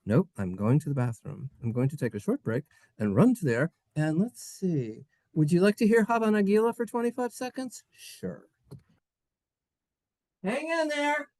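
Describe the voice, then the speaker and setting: Goofy, animated male teacher. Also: high-pitched, moderate pace, no room sound. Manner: goofy, animated, self-mocking; spells words out letter by letter. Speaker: Hebrew teacher. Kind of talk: playful online class lesson.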